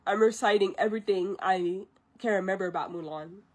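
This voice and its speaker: A woman streamer reciting a film from memory, animated, laughing, pausing to recall. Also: mid-range voice. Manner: animated, laughing, stops to remember.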